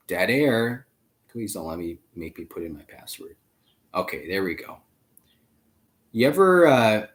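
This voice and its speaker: A male podcast host talking in a casual, rambling way with lots of fillers and sudden jumps in pitch and loudness. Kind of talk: casual chat.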